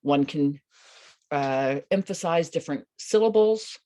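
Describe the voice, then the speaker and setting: A woman teaching a meditation practice, speaking in a calm, unhurried and gentle way. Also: low voice. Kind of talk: instructional talk.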